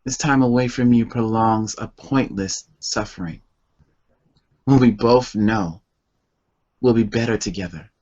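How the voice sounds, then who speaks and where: A man, a poet and author, reading his poems aloud in a slow, deliberate and emotional way, then talking casually about them. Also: fairly low pitch, darkish tone, dull audio. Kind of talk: slow poetry reading and chat.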